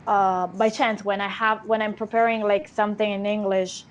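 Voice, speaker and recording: An actress with an Italian accent in a casual interview, talking freely with frequent laughter and restarts. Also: female voice, medium pitch, level tone, moderate pace, a little hiss or hum. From Italy. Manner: chatty, laughs often, many restarts.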